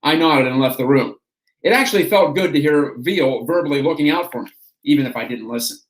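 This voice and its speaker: A man reads a memoir aloud in a steady, storytelling way. His voice sits somewhat high, and the room gives it a noticeable echo. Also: a little fast. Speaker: host reading aloud. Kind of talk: reading an autobiography aloud. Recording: roomy echo.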